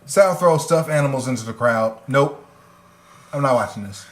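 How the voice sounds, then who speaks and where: A man's voice: medium pitch, moderate pace, roomy sound. A man co-hosting a wrestling review podcast. He recaps matches in casual, profane chat, laughing as he goes. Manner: animated, swears freely, laughs while recapping.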